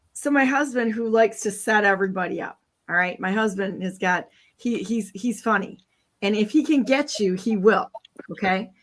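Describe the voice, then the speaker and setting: A middle-aged woman telling a family story in casual chat, animated and laughing, checking in with "okay?" and "right?". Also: on the high side. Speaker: co-host.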